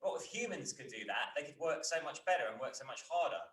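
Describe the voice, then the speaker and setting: A man co-hosting who explains research points quickly in a casual, conversational way. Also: a little high, lively intonation, fairly bright tone, reverberant, recorded from a distance, a little hiss or hum. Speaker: podcast co-host. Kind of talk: casual chat.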